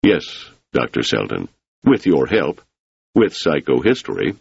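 A man reading the part of an ambitious, forceful male politician who talks in an urging, insistent way. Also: extremely low pitch, big pitch swings, unhurried, creaky, muffled recording, a little hiss or hum, heavily acted.

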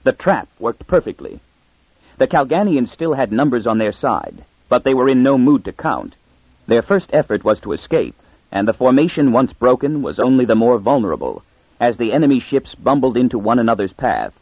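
A man reads an audiobook with lively, measured storytelling. His voice is husky and dry. The recording sounds muffled and lo-fi. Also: medium pitch, no room sound. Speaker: audiobook narrator. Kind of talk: scripted narration.

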